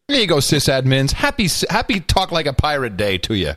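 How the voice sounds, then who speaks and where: A man's voice: fairly high pitch, wildly swooping pitch, brisk, a bit bright, no room sound. A man co-hosting a podcast, talking with sarcastic mock outrage. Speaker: podcast co-host. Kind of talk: casual commentary chat.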